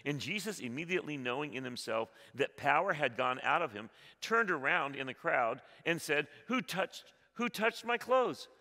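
A male pastor preaching a sermon, swinging between loud appeals and soft, hushed passages, often repeating his words. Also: medium pitch, gravelly, in a large hall. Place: church sanctuary.

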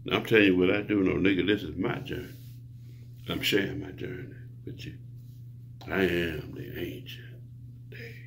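A man's voice: deep voice, fairly even intonation, normal speed, creaky, long pauses, a little hiss or hum. A man preaching a rambling monologue to his viewers, grandiose and profane, lecturing the listener. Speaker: self-styled preacher.

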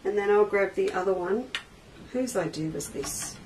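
A woman's voice: medium pitch, moderate pace. A woman hosting a live crafting demonstration, chatting with viewers and reading their comments aloud as she works. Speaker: quilting shop host. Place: craft studio indoors. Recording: distant mic with faint noise.

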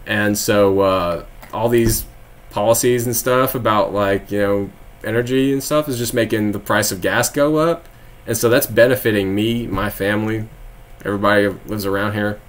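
A man's voice: lowish voice, fairly even intonation, moderate pace. A young man from Texas, live-streaming and chatting casually with viewers, rambling with frequent laughs and sarcastic asides.

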